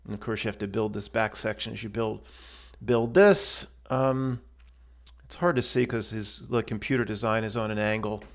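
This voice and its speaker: A man's voice: on the low side, steady tone, moderate pace. A man giving casual, blunt voice-over commentary on a stove build video, rambling with many restarts and fillers.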